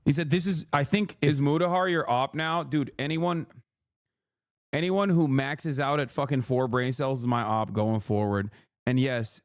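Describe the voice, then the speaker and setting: A man in his thirties with a smooth, mid-range voice does livestream reaction commentary, ranting angrily with swearing and sarcastic mimicry. It's a dry, studio-quality recording.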